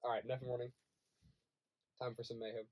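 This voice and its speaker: A man's voice: mid-range voice, flat delivery, fairly quick, darkish tone. A young man co-hosting a casual chat show, goofy and jokey, laughing often. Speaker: podcast co-host. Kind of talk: casual chat among friends.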